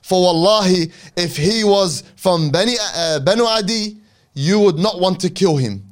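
A stern, urgent male elder delivers a grave warning, read out by a man in a storytelling sermon. The voice sits a little high for a man and carries a steady, solemn weight. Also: unhurried. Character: stern male companion confronting an enemy leader.

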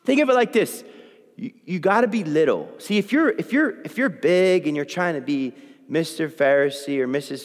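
Animated high-voiced male preacher in a hall. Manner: animated, acts out quoted prayers. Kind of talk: sermon to a live congregation. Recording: long reverb in a hall.

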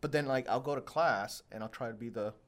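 A man's voice: mid-range voice, brisk, a bit bright. A young man hosting a podcast, telling long self-deprecating stories in casual chat, full of fillers. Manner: rambling, self-deprecating storytelling with many fillers. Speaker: podcast host.

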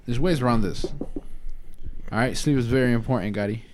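A man co-hosting a casual podcast, telling profane stories in an animated way. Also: mid-range voice, a little fast. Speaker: podcast co-host. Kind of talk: casual chat.

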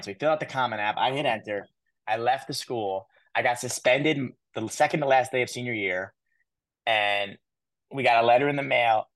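A man's voice: mid-range voice, brisk, dry recording. Guy in his 30s telling his story, lots of likes and restarts, dry close sound. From United States. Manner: animated, repeats words, lots of likes. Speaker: guest speaker. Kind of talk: candid storytelling interview.

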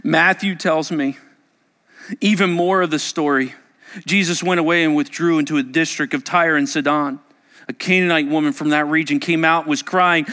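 A male pastor preaching a sermon, emphatic and repetitive, swinging between loud and hushed delivery. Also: on the high side, moderate pace. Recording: echoey church hall reverb.

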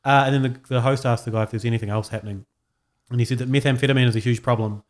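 A man's voice: mid-range voice, steady tone, racing. A man with a New Zealand accent co-hosting a casual podcast, rambling with frequent laughs. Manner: rambling, laughs often, many fillers. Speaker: podcast co-host. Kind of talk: casual chat.

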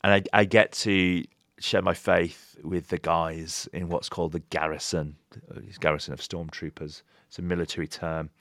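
Brief: low-voiced pastor, animated storyteller, dry close sound. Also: male voice, normal speed, no room sound. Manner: animated storyteller, voices quoted people with pitch jumps. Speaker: pastor and author, podcast guest. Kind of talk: casual podcast interview.

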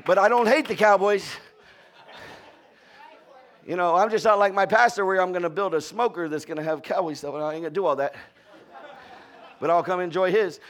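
A male pastor from Florida with a Southern accent, preaching a sermon. He calls out to the congregation and moves from shouted peaks to quiet, low storytelling. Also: fairly quick, pauses often. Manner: call-and-response, often asking "are y'all with me".

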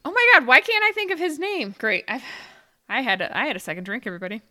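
Giggly woman, bright lively voice. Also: high-pitched, quick pace, no echo, studio quality. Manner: giggly, laughs often, thinks aloud. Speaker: podcast co-host, quiz contestant. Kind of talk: casual chat.

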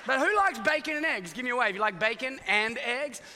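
A man's voice: very high-pitched, moderate pace, long reverb tail, slight background noise. A man preaching a sermon to his congregation, joking and acting out characters as he tells stories. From Iowa, United States. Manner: animated, joking storyteller acting out voices. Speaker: pastor. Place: church auditorium with congregation.

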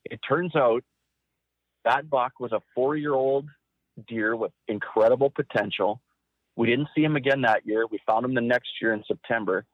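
A man tells a hunting story with intensity, acting out the voices in it. His sound is thin and phone-like, and the voice is close and dry. His pitch sits in the middle range. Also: moderate pace, no echo. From Saskatchewan, Canada. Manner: intense, vivid, acts out quotes. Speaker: guest hunter. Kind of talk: animated storytelling. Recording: tinny phone-like line.

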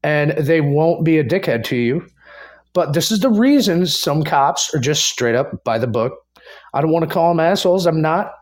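A man's voice: fairly high pitch, animated, normal speed. A man on a podcast, chiming in with blunt, wisecracking remarks in casual chat. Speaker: co-host.

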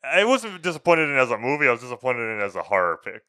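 A young man co-hosting a casual podcast, chatty and quick to laugh as he reads out film facts. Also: mid-range voice, sing-song, bright, forceful tone, no room sound. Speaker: podcast co-host. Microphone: podcast microphone.

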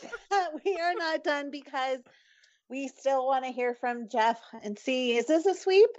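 Playful high-voiced podcast hostess. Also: female voice, measured pace, a little mellow, no room sound, muffled recording. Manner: playful, teasing, moves things along. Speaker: podcast host running the bracket. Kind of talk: casual podcast hosting.

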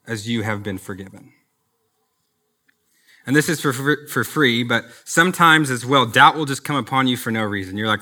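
A man gives a sermon in a bright, clear-edged voice. He preaches earnestly but stays conversational, slipping in personal asides as a pastor. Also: mid-range voice.

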